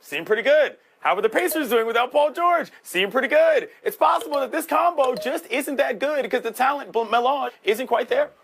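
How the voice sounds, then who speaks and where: A man's voice: very high-pitched, a little fast, vocal fry, few pauses, a bit bright, a little hiss or hum. A man making his case as a sports debate panelist through rhetorical questions.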